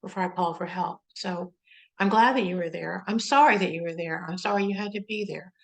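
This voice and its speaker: A woman hosting an interview, speaking gently and consolingly to her guest. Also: lowish voice, fairly quick, vocal fry, rough recording. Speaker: interview host. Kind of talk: interview conversation.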